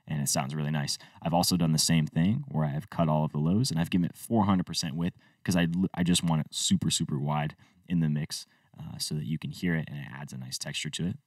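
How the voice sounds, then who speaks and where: Male producer host, deep voice, dry and a bit off-mic, easygoing step-by-step tutorial delivery. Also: steady tone, fairly quick, no echo, distant mic. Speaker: music producer teaching a tutorial. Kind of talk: screen-recorded tutorial walkthrough.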